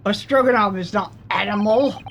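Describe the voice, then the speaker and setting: A woman's voice: medium pitch, moderate pace, natural voice. A woman voicing a rude grown male sailor in a mock Russian accent, speaking blunt broken English while reading game dialogue aloud. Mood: surly.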